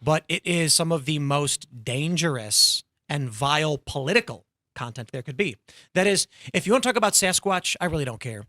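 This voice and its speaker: A man hosting a talk show panel, animated and sarcastic, acting out quotes as he talks. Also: on the high side, moderate pace, dry recording, studio quality. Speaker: podcast host.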